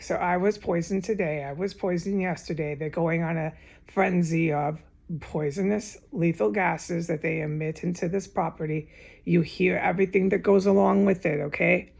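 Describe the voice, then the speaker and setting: Woman vlogger with a very gravelly, husky voice, ranting at home in a loose, repetitive monologue. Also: fairly low pitch, a little mellow. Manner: agitated, repetitive, with frequent swearing. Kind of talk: rambling direct-to-camera monologue. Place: home, indoors.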